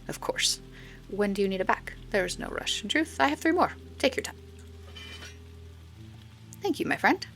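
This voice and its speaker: A woman's voice: medium pitch, big pitch swings, moderate pace, gravelly, long pauses, fairly bright tone, soft background music, voice pushed up. A woman voicing a friendly man who explains local legends. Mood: jovial.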